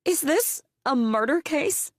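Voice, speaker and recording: A frantic, sobbing mother, read by a woman narrator in an audiobook. Her voice rises high and shakes with desperation. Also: animated, slow pace, no echo, clean studio sound.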